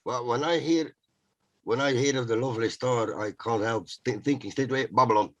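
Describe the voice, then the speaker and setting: A man's voice: mid-range voice, fairly quick, fairly bright tone, muffled recording. A man joining a tarot discussion with questions and dry, wry remarks, often tagging on a questioning "eh?". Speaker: participant in discussion.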